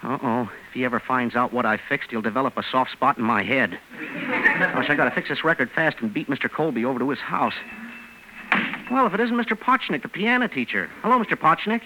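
An actor playing a bumbling young fix-it shop owner who cracks quick jokes and lets out nervous chuckles, in a 1940s radio comedy. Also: male voice, medium pitch, animated, natural voice. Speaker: comic lead of the show. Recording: very hissy old radio broadcast.

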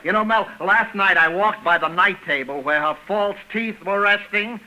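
A man's voice: high voice, moderate pace, pushed and bright, low-quality recording. An actor playing a pompous, henpecked middle-aged lodge president in a 1940s radio comedy, telling jokes about his marriage with self-mockery. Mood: rueful.

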